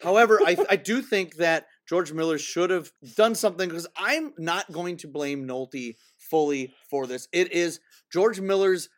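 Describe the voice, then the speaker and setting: A man's voice: fairly high pitch, a little slow, hardly any pauses. A man co-hosting a casual film review podcast, easygoing and agreeable, talking in loose, rambling sentences. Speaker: podcast co-host.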